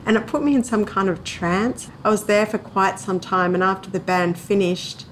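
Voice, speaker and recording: A woman's voice: mid-range voice, normal speed. Woman recalling a story, chatty and laughing, slight noise underneath. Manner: laughs often, chatty and animated. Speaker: interviewee telling a memory. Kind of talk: casual storytelling.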